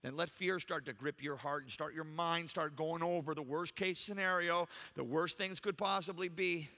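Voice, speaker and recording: A man's voice: fairly high pitch, fairly even intonation, moderate pace, sharp tone, in a large hall. A man preaching a sermon in a church, emphatic and full of rhetorical questions to the congregation. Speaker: pastor. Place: church sanctuary.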